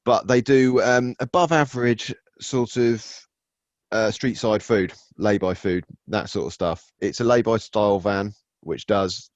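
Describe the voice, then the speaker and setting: A low-voiced man chatting on a podcast, rambling and swearing as he stops and restarts his thoughts. The sound is dull and lo-fi, with a dry, close feel and no room around it. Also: a little slow, no room sound. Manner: rambling, self-interrupting, profane. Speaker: podcast co-host. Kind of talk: casual chat.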